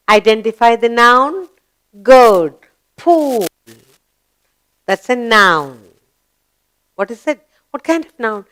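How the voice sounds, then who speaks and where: A woman's voice: on the high side, expressive, a bit bright. A woman teaching a children's grammar lesson, who asks questions and answers them herself in an encouraging teacher's voice. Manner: slow, encouraging, sing-song teacher voice.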